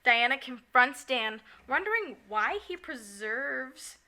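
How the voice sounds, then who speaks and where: A woman co-hosting a podcast in casual chat, recapping a musical with lots of giggling and quick acted-out lines. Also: high-pitched. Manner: giggly, animated, acts out characters in quick asides. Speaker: podcast co-host.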